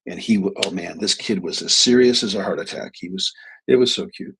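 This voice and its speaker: A man's voice: low-pitched, a little fast, vocal fry, a bit bright, slightly rough, poor audio. A middle-aged man, a psychologist hosting a live stream, telling a story in a rambling, casual way full of restarts and quoted dialogue. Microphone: webcam or desk mic on a live stream.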